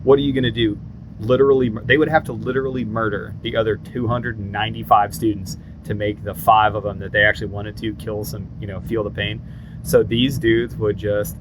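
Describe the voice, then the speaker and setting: A man in his forties telling stories in a casual podcast chat. He acts out the lines of the people in his stories. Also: lowish voice. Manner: animated storyteller who acts out other people's lines. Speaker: podcast co-host. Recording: steady background noise.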